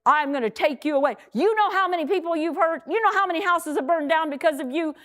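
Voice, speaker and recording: A woman's voice: very high-pitched, fast, a bit bright, voice pushed up. A woman voicing a stern man confronting a criminal in a children's story. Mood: accusing. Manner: firm and accusing.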